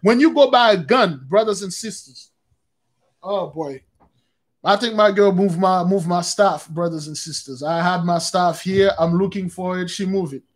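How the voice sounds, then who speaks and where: A man with a notably high voice hosts a loose, informal livestream talk on spiritual matters. He rambles and circles back over the same points, again and again addressing his listeners as brothers and sisters. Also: normal speed. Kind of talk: casual spiritual talk to viewers.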